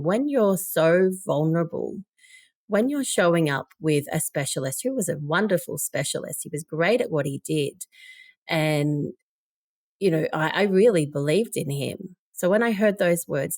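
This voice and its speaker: A woman's voice: fairly low pitch, creaky, darkish tone, no echo, studio quality. A woman in her forties, a podcast guest, telling a personal story candidly and with emotion. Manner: emotional, candid, quoting others.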